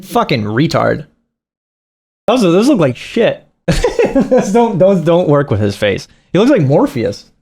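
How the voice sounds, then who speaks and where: A man's voice: a little high, sing-song, measured pace, darkish tone, slightly rough. A man giving casual, crude, mocking reaction commentary with frequent laughing asides.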